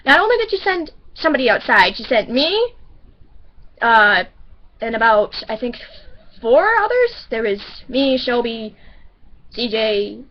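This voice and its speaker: A woman's voice: fairly high pitch, very animated, a little slow, long pauses, lo-fi sound. A woman telling a story about work in a casual, rambling way, often correcting herself. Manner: rambling, self-correcting, chatty. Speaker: grocery store bagger.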